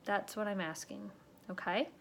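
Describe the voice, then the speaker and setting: A woman's voice: fairly even intonation, moderate pace, creaky, a bit bright, slight background noise. A woman giving a casual how-to talk on sales, checking in with her listeners and acting out the lines she uses with customers. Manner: chatty, checks in with "okay?", acts out her sales pitches. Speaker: direct sales consultant. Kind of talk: instructional talk to sales reps.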